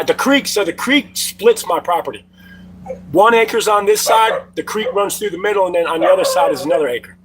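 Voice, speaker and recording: A man's voice: sits high, a bit bright, slight background noise, low-quality recording. A middle-aged man hosting a casual livestream from home, telling loose, profane stories to his chat. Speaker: livestream host.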